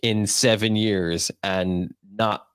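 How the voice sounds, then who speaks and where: Low, smooth-voiced rambling male host. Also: steady tone, takes it slowly, dry recording, clean studio sound. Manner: rambling with many fillers and laughs. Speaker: interview host. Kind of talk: casual interview talk.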